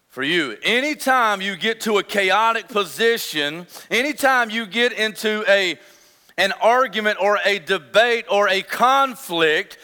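A man in his thirties delivers an impassioned sermon in a high, ringing voice. His tone is bright and crisp, driving home points with repeated phrases. A long hall reverb trails every word. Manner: impassioned, emphatic repetition, swings between loud and hushed. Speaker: pastor.

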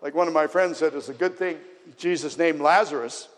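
Male pastor, slightly raised pitch, earnest sermon delivery with emphatic builds, long reverb. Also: brisk.

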